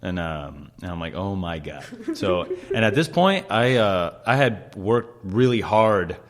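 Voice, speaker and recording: Man, low voice, young adult, casual chat host, lively swearing storyteller. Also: a little slow. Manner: animated storyteller, swears often, acts out quotes. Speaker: podcast host, chef.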